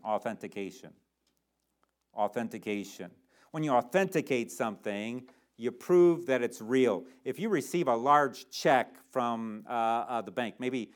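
A male pastor preaching a sermon, dropping low on asides and rising sharply when he voices quotes and drives home his points.

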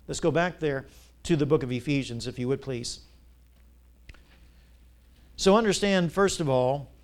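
A man preaching a sermon as pastor, asking rhetorical questions and repeating key lines, his voice rising to loud peaks and dropping low. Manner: big swings between loud peaks and quiet drops.

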